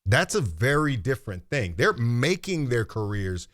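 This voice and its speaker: A man's voice: mid-range voice, sing-song, unhurried, a bit bright. A man hosting commentary, making a pointed, rhetorical argument. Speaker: commentary host.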